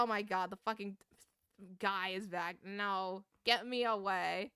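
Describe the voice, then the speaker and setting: A young woman streaming a game, ranting casually with swearing and quick laughs while chatting to viewers. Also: medium pitch, pushed and bright, clean tone, no room sound, studio quality. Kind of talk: casual gaming stream chat.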